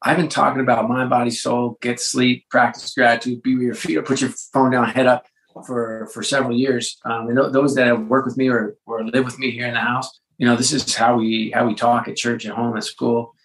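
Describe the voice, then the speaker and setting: Guest spot: gravelly male executive, chatty, animated, tells stories with lots of restarts. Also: mid-range voice, fairly quick, low-quality recording. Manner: animated storyteller with frequent restarts and fillers. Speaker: interview guest, sports executive and author. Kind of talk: casual conversational interview.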